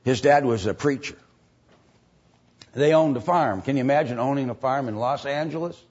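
Husky rambling male preacher. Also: medium pitch, normal speed, a little mellow, highs cut off. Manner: rambling with many fillers and restarts. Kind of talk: storytelling sermon.

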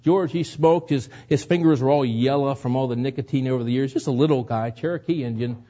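A man's voice: mid-range voice, a little fast, dark tone, lo-fi sound. A man preaching a sermon, telling a personal story in an earnest way that builds to emotional moments. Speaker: pastor.

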